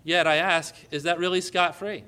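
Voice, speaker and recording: A man preaching a sermon with passion, building to emphatic, forceful proclamations. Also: fairly high pitch, steady tone, moderate pace, smooth.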